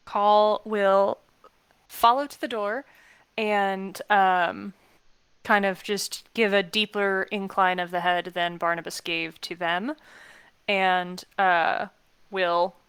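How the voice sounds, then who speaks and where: A woman's voice: medium pitch, steady tone, slow pace, pauses often, fairly bright tone, clear, resonant tone, no echo. A woman playing a tabletop game, chatty and describing her character's actions. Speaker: player. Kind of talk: casual tabletop role-play.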